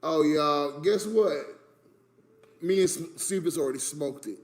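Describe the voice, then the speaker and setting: High-voiced man ranting about family. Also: measured pace. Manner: animated, emphatic, recounting family arguments. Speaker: streamer in a played clip. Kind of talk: casual storytelling rant.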